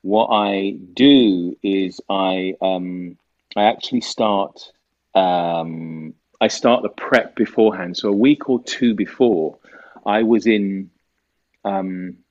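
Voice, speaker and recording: Low-voiced British man telling stories. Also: slow pace, a little mellow, dull audio. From United Kingdom. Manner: rambling storyteller with many fillers. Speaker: actor, interview guest. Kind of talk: casual interview talk.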